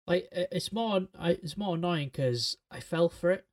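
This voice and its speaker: A man's voice: high-pitched, moderate pace. A man in his twenties co-hosting a podcast, talking bluntly and swearing freely. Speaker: podcast co-host. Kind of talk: casual chat.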